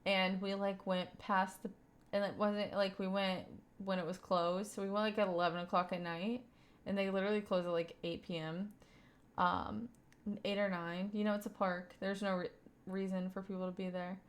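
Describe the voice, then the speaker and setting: Reading messages from her viewers in a casual live stream, a young woman from Kentucky rambles on with many fillers and laughs, her Southern accent light. Her medium-pitched voice shows little pitch movement and keeps a moderate pace.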